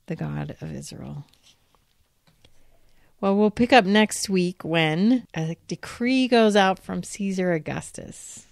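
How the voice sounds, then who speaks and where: Gravelly low woman reading scripture. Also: darkish tone, dry recording, clean studio sound. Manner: reflective, reads quoted lines with lifted emphasis. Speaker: podcast host.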